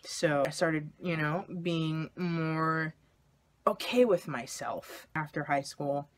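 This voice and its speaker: A man's voice: fairly high pitch, takes it slowly. A young man candidly telling a personal story in a vlog, in a confessional way. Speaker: vlogger.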